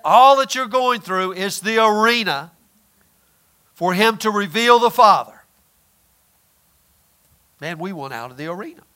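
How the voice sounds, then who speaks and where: A man's voice: high voice, bright, forceful tone. A man preaching a conversational sermon, often repeating words and asking his listeners questions.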